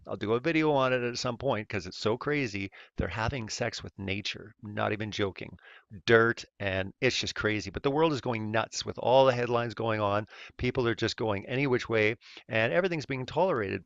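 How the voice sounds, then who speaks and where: A man's voice: mid-range voice, dry recording. A man hosting a casual commentary video, speaking in a sarcastic, mocking way. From Canada. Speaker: host. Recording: dull lo-fi recording.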